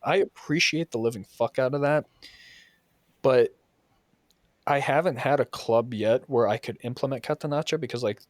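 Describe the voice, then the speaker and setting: A man's voice: medium pitch, normal speed, long pauses, dry recording, studio quality. A man hosting a podcast, telling heated stories full of swearing about coaching. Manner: profane, heated storytelling. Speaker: podcast host and soccer coach. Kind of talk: casual podcast chat.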